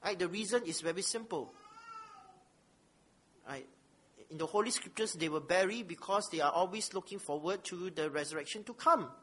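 A man's voice: high voice, normal speed, pauses often, sharp tone, slightly rough. A man preaching a sermon, reading scripture aloud and asking the listeners rhetorical questions with emphasis.

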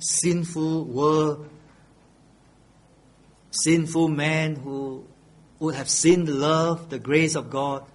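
A middle-aged male pastor preaching a sermon, earnest and pleading, repeating his key phrases. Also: a little high.

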